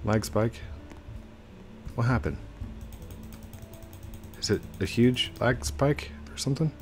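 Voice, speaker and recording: A young man giving chatty, excitable live commentary while he plays a game, breaking into baby talk with his in-game dog. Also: mid-range voice, slow pace, pauses often, faint music behind. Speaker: gaming streamer. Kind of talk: casual live gameplay commentary. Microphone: desk mic with webcam.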